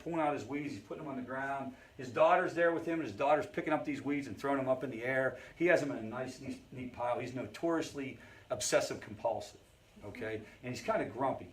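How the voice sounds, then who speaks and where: A man who leads a family recovery group, teaching in a conversational way and often checking in with the audience. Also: medium pitch. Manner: conversational, storytelling asides.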